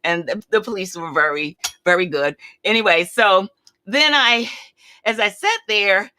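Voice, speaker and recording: A woman's voice: mid-range voice, a little slow, dry recording. A woman in her seventies hosting a casual livestream chat, telling a story candidly and quoting others with animation. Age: 70s. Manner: chatty, candid, retells conversations with animated quoting. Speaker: livestream host.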